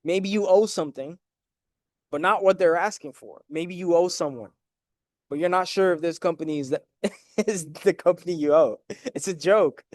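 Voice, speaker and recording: A credit and debt educator with a high-sitting voice speaks at normal speed in a clean studio with no room sound. He casually but emphatically explains debt collection letters, walking through documents and checking in with viewers. He's direct, calls his audience "guys," and says "right?" a lot.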